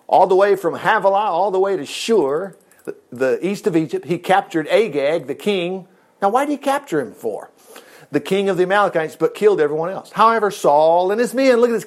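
A man teaching a Bible passage in a casual, animated way, breaking into asides between verses. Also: high-pitched. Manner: animated, reads scripture with asides and quick voiced quotes.

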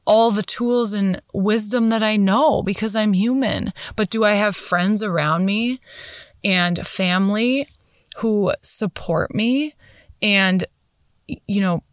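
A woman's voice: mid-range voice, dry recording. Woman podcast host in her 30s, earnest pep talk, keeps saying you guys, dead dry close mic. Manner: earnest, encouraging, addresses listeners as "you guys". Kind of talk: motivational podcast monologue.

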